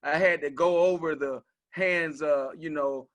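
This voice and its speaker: Bright-voiced man telling a story. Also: fairly high pitch, moderate pace, hardly any pauses. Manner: earnest storytelling, speaking to the host as brother. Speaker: father on a discussion panel. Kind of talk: conversational panel talk.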